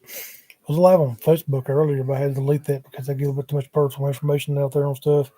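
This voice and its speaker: A man's voice: medium pitch, flat delivery, fast, mellow, dry recording. Drawling man on a livestream. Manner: drawling, wandering, muttering asides. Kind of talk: rambling casual livestream chat. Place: at home, sprawled on a couch. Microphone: laptop microphone.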